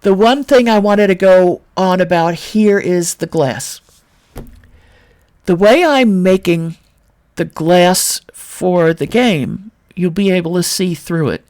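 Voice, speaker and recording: A woman's voice: on the low side, slow, a little mellow. A woman from Brooklyn giving a casual screen-share tutorial on 3D modeling, thinking aloud with wry, self-mocking asides. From Brooklyn, New York.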